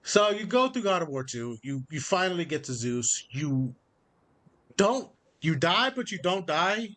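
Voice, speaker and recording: Man, high-pitched, excited, swears a lot, laughs while retelling scenes, casual chat. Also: unhurried. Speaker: podcast co-host. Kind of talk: casual chat about video games.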